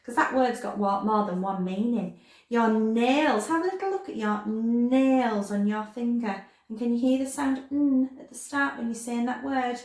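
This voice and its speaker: A woman teaching a phonics lesson to young children, sounding out letters in an animated, sing-song way and stretching words slowly. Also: on the high side. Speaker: primary school teacher. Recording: echoey room.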